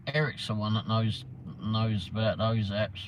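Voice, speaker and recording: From a car around town, a man from England chats on a casual livestream, rambling and responding to viewers' comments by name. His low-ish voice is steady and unhurried, and the low-quality recording carries a little hiss or hum.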